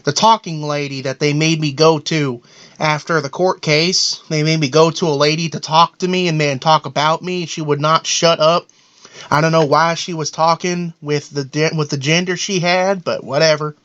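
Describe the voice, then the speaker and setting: A man's voice: on the high side, fairly even intonation, moderate pace, a bit bright, dry recording, close to an everyday voice. A man voicing a paranoid, boastful middle-aged cartoon dad in a rambling, self-important comedic monologue. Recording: dull lo-fi audio.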